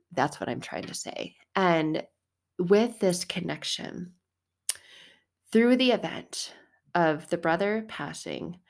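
A woman in her thirties talking about faith in a casual, rambling way, getting animated and sometimes singing short lines. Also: fairly low pitch. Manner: animated, rambling, breaks into song. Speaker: vlogger.

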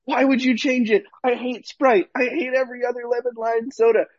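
A man acting out a furious fifty-something drive-thru customer who rants and yells. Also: very high-pitched, flat delivery, brisk, no room sound, muffled recording, voice pushed up. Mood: ranting. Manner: ranting, yelling.

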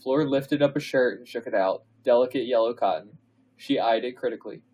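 A man reads fan fiction aloud for a podcast, slow and deliberate. He keeps to a mid pitch and half-performs the prose. He stops now and then to laugh or comment. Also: darkish tone, lo-fi sound. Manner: reads slowly, breaks into laughs and asides. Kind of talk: comedic dramatic reading.

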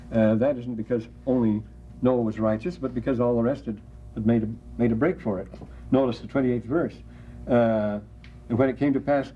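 A man lecturing in a classroom, mid-pitched and discursive, reading scripture aloud and wandering into asides and corrections. The recording is dull and lo-fi, with a faint hiss underneath. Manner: discursive, many restarts and asides, reads passages aloud.

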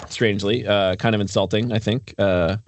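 A man hosting a casual interview, asking questions in a relaxed way with joking asides. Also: fairly low pitch, moderate pace, slight background noise. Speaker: host.

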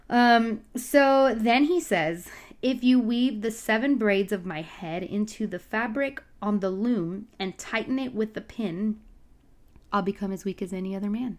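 A woman's voice: fairly high pitch, normal speed. A woman casually retelling a Bible story, chatty and full of side comments and asides.

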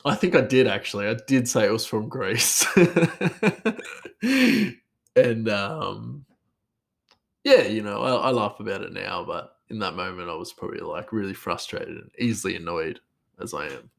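A man's voice: fairly low pitch, lively intonation, a little slow, gravelly, pauses often. A man, a chef, telling a story in a rambling, casual way and chuckling often.

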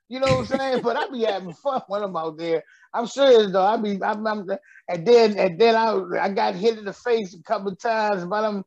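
A middle-aged comedian, guesting on a joking radio interview, tells stories in a high-pitched voice at a moderate pace. He laughs often and his storytelling is loose. The recording sounds muffled.

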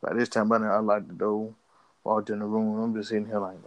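A man's voice: on the low side, little pitch movement, brisk, no room sound. A young man, a podcast co-host, telling a story in casual slang and acting out his own reactions.

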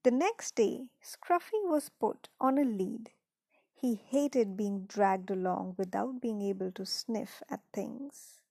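A woman reading a children's story aloud in a gentle, unhurried way, dropping into soft whispered asides. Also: medium pitch, vocal fry, no echo.

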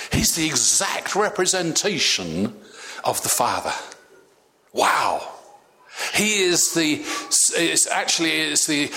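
A man preaching a sermon, animated, with many stammered restarts. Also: fairly high pitch.

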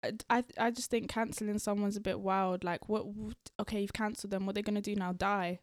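A woman's voice: mid-range voice, fairly even intonation, no echo, studio quality. Frank young woman. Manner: frank, opinionated, quick reactions. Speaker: podcast co-host. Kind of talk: casual chat.

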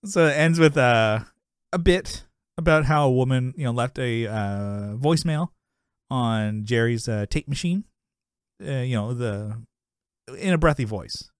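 A man's voice: mid-range voice, unhurried, smooth, dry recording, studio quality. A man co-hosting a podcast in casual chat, rambling through a sitcom episode recap, laughing often and acting out the characters' lines. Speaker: podcast co-host.

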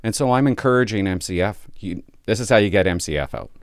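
A man's voice: lowish voice, lively intonation, quick pace, few pauses, no room sound, clean studio sound. A man doing a crude, sardonic stand-up set about police work, swearing freely. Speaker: stand-up comedian and police officer.

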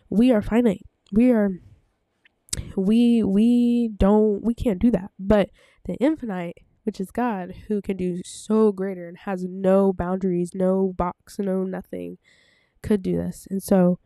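Woman, casual Bible teaching, gravelly, dry close sound, rambling, slightly breathless. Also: medium pitch, warm tone, no room sound. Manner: rambling, many fillers and self-corrections. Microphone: desk microphone.

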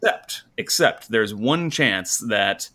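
A man's voice: fairly low pitch, animated, takes it slowly, pushed and bright. A man co-hosting a sports podcast in casual chat, rambling with plenty of fillers and restarts. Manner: rambling, lots of fillers and restarts, laughs often. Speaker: podcast co-host.

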